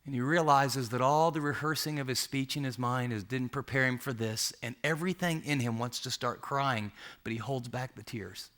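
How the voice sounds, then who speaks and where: A man's voice: medium pitch, normal speed, few pauses, a bit bright. A male pastor preaching a sermon, vividly painting a scene for his listeners. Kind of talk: sermon storytelling.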